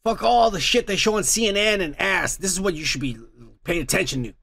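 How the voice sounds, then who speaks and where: A man's voice: high-pitched, fairly quick, gravelly, a bit bright, husky. A man hosting a podcast, talking in a crude, rambling, profane way and laughing often. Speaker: podcast host. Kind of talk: crude casual chat.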